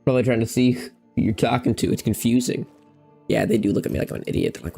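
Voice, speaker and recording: A man's voice: medium pitch, fast talker, creaky, warm tone, breathy edge, soft background music. A man giving rambling, playful gameplay commentary at a desk mic, chatting to his cats between moments in the game. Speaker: gamer.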